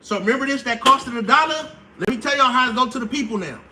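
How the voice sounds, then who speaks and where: High bright-voiced man, slangy and animated. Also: fast talker, slight background noise. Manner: animated, slangy, acts out quotes. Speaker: live stream host. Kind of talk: casual explainer monologue.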